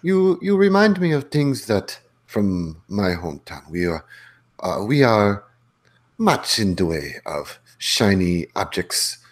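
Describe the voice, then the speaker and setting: A man's voice: fairly low pitch, big pitch swings, slow, full character voice. A man voicing a jovial, swaggering female cat-folk duelist who speaks in a formal, slightly stilted way. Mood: courtly, amused.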